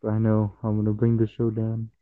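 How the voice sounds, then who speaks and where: A man's voice: lowish voice, monotone, moderate pace, no room sound. A young man chatting on a podcast, joking and goofy, often saying "bruh". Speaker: podcast co-host. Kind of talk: casual chat. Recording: dull, muffled close mic.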